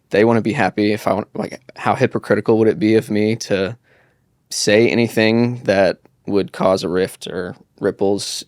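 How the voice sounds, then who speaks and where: A man chatting as a podcast guest, speaking reflectively and haltingly with fillers. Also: fairly low pitch, darkish tone, dry recording, clean studio sound. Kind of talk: casual podcast chat.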